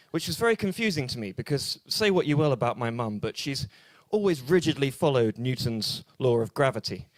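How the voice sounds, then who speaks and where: A young man with an English accent doing a stand-up set at a small bar open mic, deadpan and hesitant with many fillers. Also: a little high, dry recording. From England. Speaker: stand-up comedian.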